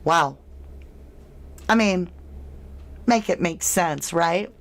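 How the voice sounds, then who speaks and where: A woman's voice: on the low side, very slow. A woman hosting a true crime livestream, chatting casually with viewers in a chatty, emphatic, slightly snarky way. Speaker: true crime channel host. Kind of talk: casual livestream chat reading comments.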